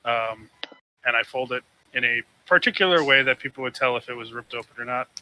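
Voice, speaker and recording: A man's voice: medium pitch, brisk, bright, forceful tone, a little hiss or hum, poor audio. A man playing a tabletop game, checking details and giving in-character orders. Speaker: player.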